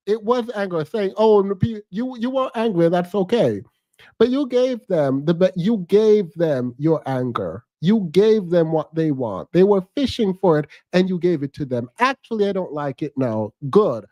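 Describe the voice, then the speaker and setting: A man with a high, very lively voice reacts to a clip with frank, teasing commentary. He thinks out loud and wavers between joking and serious. The sound is close and dry. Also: no room sound.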